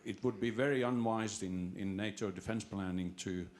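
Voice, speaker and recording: Man, low voice, halting audience question full of fillers. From Finland. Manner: halting, many restarts and fillers. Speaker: audience member asking a question. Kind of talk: seminar question from the floor.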